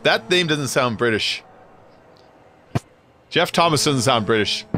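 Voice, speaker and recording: A man's voice: medium pitch, lively intonation, unhurried, pushed and bright, slight background noise. A man streaming a racing game and chatting casually with viewers, rambling through stories and laughing often. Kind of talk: casual live-stream chat.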